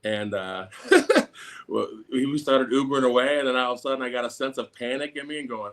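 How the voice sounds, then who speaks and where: A middle-aged man telling a story in a casual talk. He acts out the quotes in a raised, sometimes shouting voice. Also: medium pitch, fairly quick. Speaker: podcast co-host.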